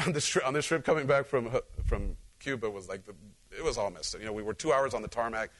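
A man's voice: medium pitch, fast. A male pastor preaching a conversational sermon, telling personal stories and talking directly to his congregation. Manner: animated, talks directly to the congregation.

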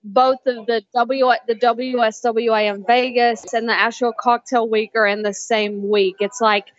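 A woman from North Carolina with a slow Southern drawl, chatting upbeat as a guest on an interview. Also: a little high, level tone, dry recording, highs cut off. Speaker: guest, cocktail social media creator. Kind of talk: casual interview chat.

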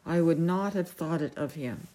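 A woman's voice: low voice, moderate pace, warm tone, natural voice. A woman voicing a kind-hearted young boy in a storybook reading, earnest and sincere.

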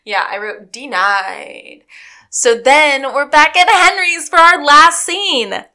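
A woman's voice: sits high, slow pace. A woman co-hosting a podcast, casually recapping a TV episode and laughing as she acts out lines. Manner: animated, acts out quotes with laughter. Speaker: podcast co-host.

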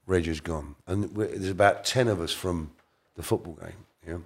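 A middle-aged man, a guest on an interview, rambles through a casual story, correcting himself along the way and slipping into quoted voices. His voice sits low and a little mellow, moving at a moderate pace with few pauses.

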